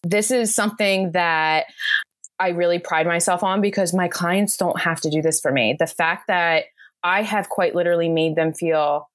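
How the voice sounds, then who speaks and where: Gushing lower-voiced American woman. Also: normal speed, dry recording, studio quality. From United States. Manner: effusive, gushing, repeats "quite literally". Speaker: guest, bridal makeup artist. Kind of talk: casual interview chat.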